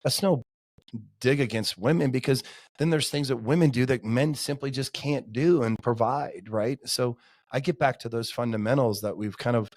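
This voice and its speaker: A man's voice: medium pitch, darkish tone, no echo, studio quality. A man in his forties, a podcast guest, talking in an earnest, heartfelt way with lots of casual fillers. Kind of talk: casual interview chat.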